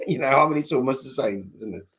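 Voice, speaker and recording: A man's voice: mid-range voice, expressive, brisk, a crowd in the background. A man, a comedian, chatting on a video call in a tired, weary, wry way. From England. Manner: weary, wry, laid-back chat. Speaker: stand-up comedian.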